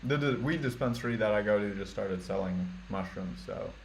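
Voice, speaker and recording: A laid-back young man in casual podcast chat, a low voice with plenty of gravel in it. He swears freely, leans on 'like', and a faint hiss sits under the recording. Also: moderate pace. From United States. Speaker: podcast host. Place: living in Thailand.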